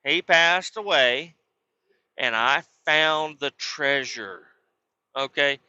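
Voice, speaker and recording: A man's voice: on the high side, slow pace, bright, forceful tone, smooth, dry recording, highs cut off. A man hosting a podcast, telling a rambling, crude comic story full of swearing. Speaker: podcast host. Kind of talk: profane comedic storytelling.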